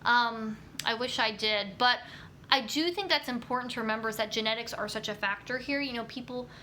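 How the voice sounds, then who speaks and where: A young woman talks through a casual live stream about nutrition, answering viewer comments as they come in. Her voice is bright and sits a bit high, and she fills her answers with ums and you-knows. A faint hum of room noise runs underneath. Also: a little fast. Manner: chatty, many fillers like um and you know.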